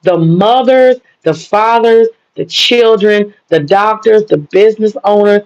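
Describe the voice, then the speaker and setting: A blunt, angry American woman, a vlogger, rants straight at the camera and swears constantly. Her voice has a gravelly, fry-heavy edge, and the dull, lo-fi recording makes the sound muffled. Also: mid-range voice, a little slow, a little mellow. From United States. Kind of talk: profane ranting monologue.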